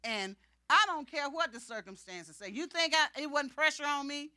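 A woman preaching a personal testimony in a bright, forceful voice, a little higher than most. She tells it as animated storytelling and acts out each exchange. The sound is close and dry. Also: normal speed, dry recording. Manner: animated storytelling, acting out dialogue. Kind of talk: sermon testimony.

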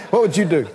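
A male preacher giving a sermon, animated, questioning his congregation and laughing often. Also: sits high, big-room sound.

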